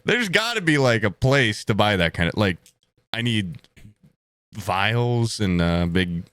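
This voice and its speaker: Low-voiced man with dry jokes. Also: sing-song, unhurried, a bit bright, smooth, no echo. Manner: dry, joking asides and rambling musings. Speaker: podcast co-host. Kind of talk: casual podcast chat.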